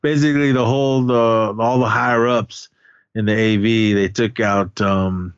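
Man, low voice, casual movie recap, lots of ums and restarts, dull lo-fi audio. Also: little pitch movement, moderate pace, smooth, dry recording. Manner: rambling, many fillers and restarts. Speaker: podcast co-host. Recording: dull lo-fi sound.

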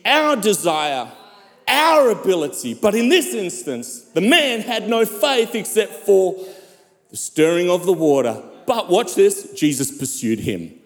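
Preacher man in his 50s, slow deliberate delivery, lots of calls to the church, big echoey hall. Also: sits high. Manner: preaching cadence with calls to the congregation. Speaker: pastor. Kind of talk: sermon. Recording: reverberant hall.

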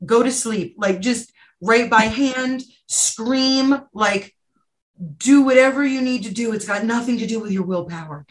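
A woman with a fairly high voice talks as a podcast guest. Her talk is chatty and emphatic, and she pushes her points out in quick, lively bursts. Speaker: podcast guest, writer and anthology editor. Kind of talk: casual chat.

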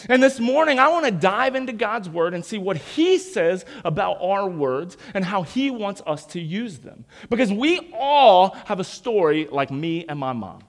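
A young male pastor preaching in a chatty, storytelling way, asking the congregation questions. His voice sits high and moves freely up and down, lively and expressive. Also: moderate pace, few pauses. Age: 20s. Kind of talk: sermon.

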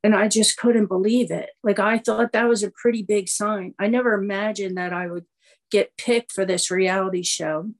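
A woman's voice: medium pitch, steady tone, normal speed, rough recording. A middle-aged woman speaking at a recovery meeting, telling her story in a loose, conversational way full of fillers and restarts. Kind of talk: personal testimony storytelling.

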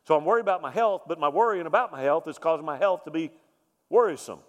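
A man's voice: a little high, lively intonation, fast talker. A man preaching a sermon as pastor, emphatic, repeating key lines and asking rhetorical questions. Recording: long reverb of a large hall.

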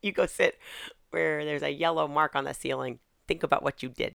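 A woman's voice: low-pitched, fairly quick, vocal fry, soft background music. A woman co-hosting a comedy podcast, telling stories in casual chat and acting out what others said. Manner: animated storytelling, acting out dialogue, frequent laughs. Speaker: podcast co-host.

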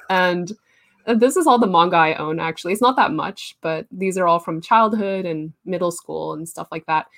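A woman's voice: lowish voice, moderate pace, vocal fry. A young woman artist in a casual interview, chatty and laughing often, with many fillers.

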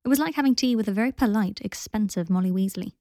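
Woman narrator, calm steady reading, gravelly voice, dry close sound. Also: medium pitch, fast talker, no room sound. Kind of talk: audiobook reading of fan fiction.

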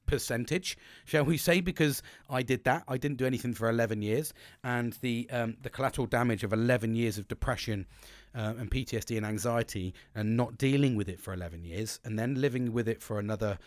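A man's voice: medium pitch, no room sound, clean studio sound. A middle-aged man hosting a podcast, talking candidly and bluntly about coping, swearing freely and often restarting his sentences. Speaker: podcast host. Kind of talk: candid self-help monologue.

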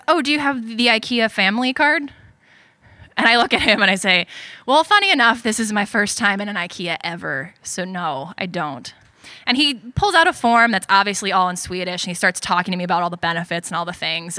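A young woman telling a personal story on stage at a story slam, animated and self-deprecating. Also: medium pitch, no room sound.

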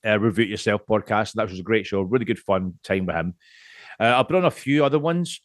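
A man's voice: lowish voice, fast, no echo, studio quality. A Scottish man on a podcast as a guest, chatting casually, rambling, swearing freely and laughing often. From Scotland.

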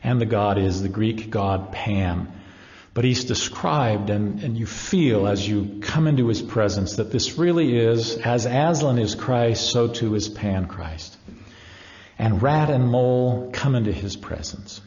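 A man's voice: fairly low pitch, unhurried, a little mellow. A middle-aged man giving a live religious lecture, telling stories earnestly and reading passages aloud. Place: large lecture hall. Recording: echoey hall, dull lo-fi.

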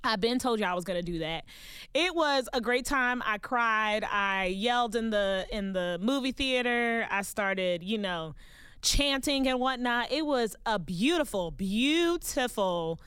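Woman hosting her podcast from a booth, high bright voice, super bouncy and playful. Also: unhurried, clear, resonant tone, dry recording, studio quality. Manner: exuberant, playful, gushing. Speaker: podcast host. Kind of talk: casual podcast chat. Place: recording booth.

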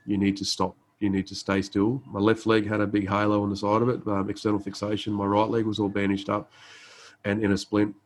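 Laid-back low-voiced man telling war stories. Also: completely flat delivery, brisk, rough recording. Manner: laid-back, frequent fillers and restarts, acts out quoted dialogue. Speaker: guest, army medic. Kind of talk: conversational storytelling.

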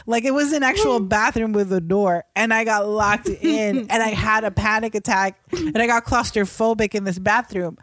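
A woman co-hosting a podcast, telling stories in an animated, teasing way and laughing often. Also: fairly high pitch, moderate pace, hardly any pauses, dry recording. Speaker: podcast co-host. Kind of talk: casual chat.

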